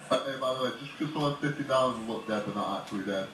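A man chatting casually as a co-op gaming partner, giving quick, laid-back tips. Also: mid-range voice. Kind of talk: casual voice chat while gaming. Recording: roomy, distant chat audio with noise.

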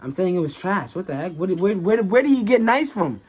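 Young man vlogging over loud music. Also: sits high, brisk. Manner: joking, animated, argumentative banter. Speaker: vlog host. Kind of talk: casual chat with friends. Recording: music playing loudly behind.

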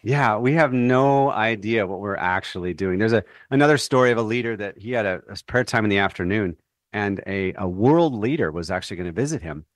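A man's voice: on the low side, lively intonation, brisk, no echo. A man speaking as an author guest in a faith radio interview, earnest and thoughtful, sometimes restarting his phrases.

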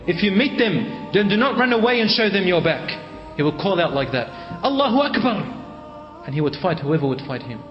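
A male preacher dramatically retelling a religious story, voicing its people in quoted speech and mixing in Arabic phrases. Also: a little high. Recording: echoey hall, dull lo-fi sound, faint music.

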